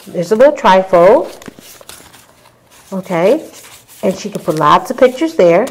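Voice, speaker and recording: A woman's voice: medium pitch, animated, a little slow, slightly rough, low-quality recording. A woman casually walking viewers through a handmade scrapbook album, chatty and full of ums and little asides to the audience. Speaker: crafter showing a handmade album. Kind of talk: casual show-and-tell tutorial.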